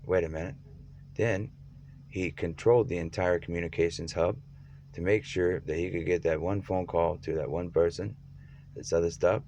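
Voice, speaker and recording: A man's voice: deep voice, dry recording. A man delivering a rambling, profane monologue that jumps from topic to topic.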